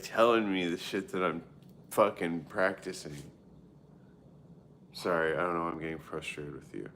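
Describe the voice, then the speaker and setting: A man in his late thirties talks live to his viewers, low-pitched and full of vocal fry. He rambles candidly, swears often and leans on "like" as a filler, with a faint hiss under the voice. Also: fairly bright tone. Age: 30s. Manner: frequent filler "like" and self-interrupting. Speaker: live streamer. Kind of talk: casual chat answering viewers.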